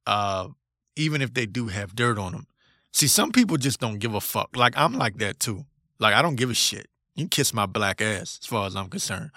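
A man's voice: medium pitch, animated, fairly quick, pushed and bright, no echo, clean studio sound. Blunt, profane man ranting. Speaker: podcast host. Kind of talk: solo podcast rant.

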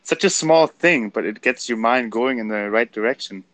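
A man's voice: mid-range voice, moderate pace, fairly bright tone, dry recording. A man with a German accent, co-hosting a casual motivational chat and laughing easily. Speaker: co-host.

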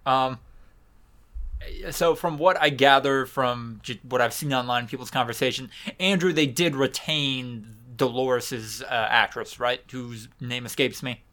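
A man's voice: medium pitch, a little slow, pushed and bright. A man co-hosting a podcast, chatting casually and easygoing, mostly with short reactions and questions. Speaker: podcast co-host. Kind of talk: casual chat.

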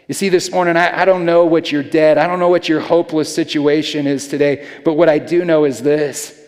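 A pastor preaches in a relaxed, heartfelt way, stumbling over repeated words and dropping in a casual "man". His voice sits a touch high for a man. The sound carries a long reverberant tail from a large sanctuary. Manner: conversational, earnest, with frequent repeated words and "man". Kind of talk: sermon.

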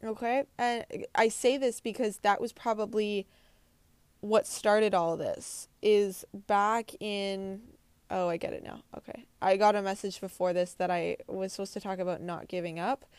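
Chatty woman with a smooth, clear voice. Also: mid-range voice, steady tone, unhurried, no room sound. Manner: chatty, earnest, many fillers and restarts. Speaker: podcast host. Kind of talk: casual spiritual talk to listeners.

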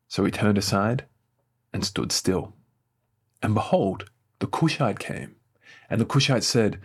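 Leading morning prayer, a man reads scripture aloud in a measured, solemn way, raising his voice slightly for quoted speech. His voice sits on the low side with a breathy edge.

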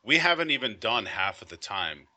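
A man's voice: on the low side, sing-song, normal speed, bright, forceful tone. A man hosting a casual interview, asking friendly, curious questions. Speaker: podcast host.

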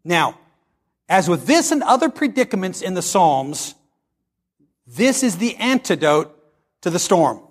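High-voiced man preaching a sermon. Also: sing-song, a little slow, pauses often. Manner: impassioned preaching, dramatic scripture reading. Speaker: pastor.

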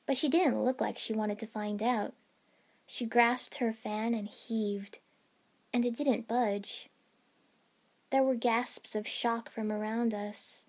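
A woman's voice: on the high side, a little mellow. Woman narrating a first-person story. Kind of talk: reading fan fiction aloud.

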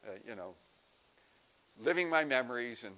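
A man's voice: medium pitch, animated, moderate pace, sharp tone, rough recording. A man voicing a boastful retired talking dog in a folksy, rambling way.

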